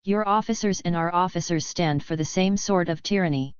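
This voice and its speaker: A woman voicing a calm, kindly male Russian revolutionary, speaking evenly and soothingly. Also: on the low side, fairly quick, clear, resonant tone, dry recording, highs cut off, lightly acted. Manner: even, quiet and soothing.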